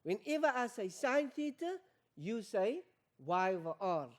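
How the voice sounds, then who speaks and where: A woman's voice: fairly high pitch, very animated, measured pace. A woman teaching an exam revision maths lesson, repeating key points and quizzing learners with questions. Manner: addresses learners as guys.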